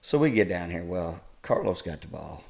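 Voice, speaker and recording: Middle-aged male guest, very low gravelly voice, folksy storyteller. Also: normal speed. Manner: folksy, animated retelling with laughs. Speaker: podcast guest. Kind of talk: casual storytelling.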